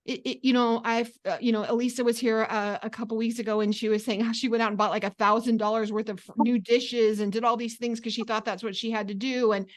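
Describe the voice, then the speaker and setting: Woman pastor-host, earnest and encouraging, slightly high voice, casual chat. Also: quick pace, hardly any pauses. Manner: earnest, encouraging, animated with acted asides. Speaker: podcast host. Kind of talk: casual faith podcast chat.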